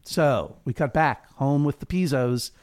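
A man's voice: medium pitch, measured pace, a little mellow. A man co-hosting a podcast who recaps a television drama in a wry, playful way and acts out the characters' lines. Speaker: podcast co-host. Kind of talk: comedic recap chat.

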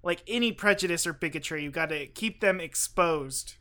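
A man's voice: fairly high pitch, normal speed, sharp tone. A young man hosting a comedy podcast, joking and laughing often, self-mocking. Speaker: podcast host. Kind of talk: casual comedic chat.

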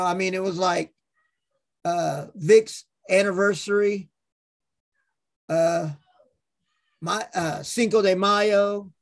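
With a voice that sits high and carries vocal fry, a male podcast host tells casual stories. He curses often and brings the quotes to life by acting them out.

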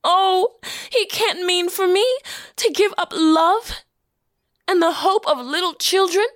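A woman's voice: extremely high pitch, slow pace, a bit bright, no echo, studio quality, full character voice. A woman voicing a tender young woman who cares for a small boy, emotional and at times whispering, in an audio play reading. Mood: yearning.

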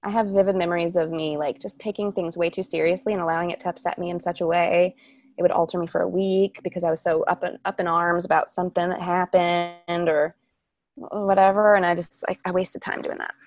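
Chatty, lower-voiced young woman. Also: steady tone, a little fast, a little mellow. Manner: chatty, self-deprecating, many restarts. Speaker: stage performer and guest. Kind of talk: casual interview chat.

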